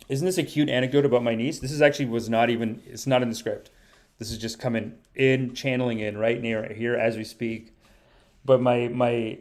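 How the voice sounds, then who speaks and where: A man hosting a casual podcast livestream, telling stories in a rambling, playful way. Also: mid-range voice. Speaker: podcast host and stand-up comedian.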